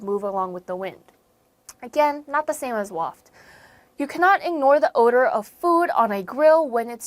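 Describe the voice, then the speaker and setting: An American woman teaching vocabulary, her voice on the higher side and recorded close and dry. She explains each word patiently, circling back to rephrase and leaning hard on the key terms. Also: no echo. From United States. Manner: repeats and rephrases, stressing key words with lively pitch jumps. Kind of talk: explanatory online lesson.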